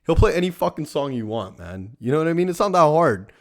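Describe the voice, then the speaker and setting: A man's voice: on the high side, very animated, brisk. A young man hosting a casual storytelling show, rambling and swearing constantly, tagging lines with "right?". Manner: profane, rambling, lots of "right?" tags. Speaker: podcast host.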